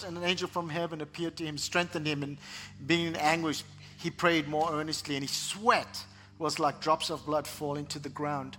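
Man, pastor, lively sermon, bright voice, slightly high pitch, soft music underneath. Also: moderate pace. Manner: animated preaching, mimicking voices.

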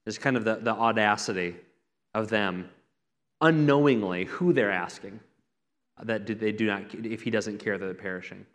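A man's voice: fairly low pitch, moderate pace. A man, a pastor, giving an earnest, conversational sermon with repeated phrases. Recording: long reverb from a hall.

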